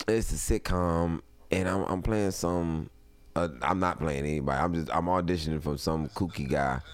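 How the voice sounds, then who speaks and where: A man's voice: deep voice, steady tone, moderate pace, smooth, dry recording. A man talking as a guest in a casual chat, hesitant and full of fillers. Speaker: podcast guest.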